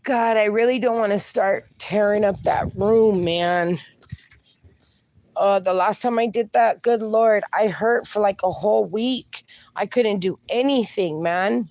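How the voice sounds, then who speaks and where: A woman's voice: medium pitch, a little slow, darkish tone. A woman hosting a casual live stream outdoors with her dogs, chatting and reading viewer comments aloud, slipping into baby talk for her pups. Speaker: livestream host.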